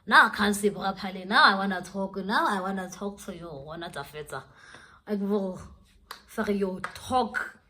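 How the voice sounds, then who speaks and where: A woman's voice: mid-range voice, moderate pace, sharp tone. A young woman telling a dramatic storytime vlog, switching languages as she goes. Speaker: vlogger. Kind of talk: storytime vlog, casual chat.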